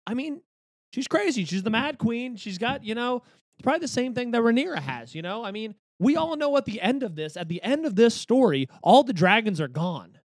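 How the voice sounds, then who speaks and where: A man co-hosting a podcast, talking in an animated, rambling way with lots of fillers. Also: very high-pitched, fairly quick, no echo, clean studio sound. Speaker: podcast co-host. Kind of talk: casual chat.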